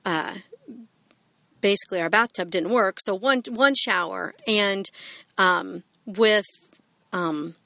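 A woman's voice: mid-range voice, slow pace, gravelly, long pauses, sharp tone, no room sound. A middle-aged woman giving a parenting talk, earnest and full of fillers and restarts. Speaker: parenting speaker.

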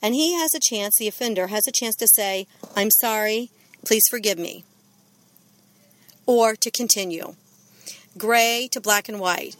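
A woman's voice: mid-range voice, a little slow, pauses often, a bit bright. A middle-aged woman giving a parenting talk, earnest and full of fillers and restarts. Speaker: parenting speaker.

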